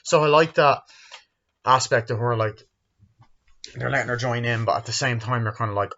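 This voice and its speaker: A man's voice: mid-range voice, fairly even intonation, normal speed, pauses often, fairly bright tone. A man in his twenties giving a rambling, profane movie review from his bedroom, acting out scenes in a raised voice. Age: 20s. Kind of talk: casual spoken film review. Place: bedroom, indoors. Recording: dull lo-fi home recording.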